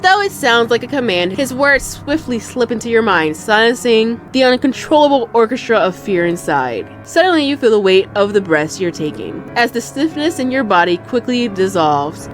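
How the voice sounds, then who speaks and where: Narrating a visual novel dramatically for her gaming channel, a young woman whose voice is a little high breaks into loud, swearing outbursts.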